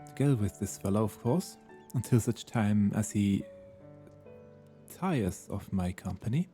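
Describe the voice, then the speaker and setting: A man reading game dialogue aloud, voicing a gentle male god in mortal form with a French accent and formal, archaic, courteous speech. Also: fairly low pitch, lively intonation, a little slow, soft background music. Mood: earnest.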